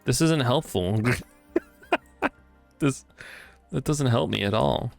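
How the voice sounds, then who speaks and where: A man streaming a video game, chatting casually, reacting excitably with swearing, laughter and mock-grand musings. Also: medium pitch, measured pace, gravelly, long pauses, soft background music. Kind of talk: casual gameplay commentary.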